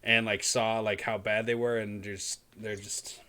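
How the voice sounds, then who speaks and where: A man with a bright, forceful voice trades crude jokes on a casual podcast. He is loud and banters freely. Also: fairly low pitch, flat delivery, measured pace. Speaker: podcast co-host. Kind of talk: casual chat.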